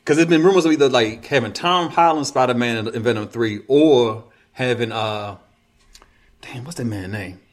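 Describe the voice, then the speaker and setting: A man's voice: mid-range voice, normal speed. A man co-hosting a casual podcast chat, laid-back and laughing often, trailing off and restarting his sentences. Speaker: podcast co-host.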